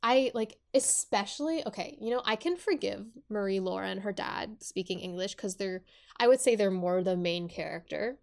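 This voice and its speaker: A woman's voice: mid-range voice, normal speed, vocal fry. A young woman co-hosting a podcast, chatting casually about a novel and its screen adaptation, talking with many fillers and restarts. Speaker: podcast co-host. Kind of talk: casual chat about a book and its series.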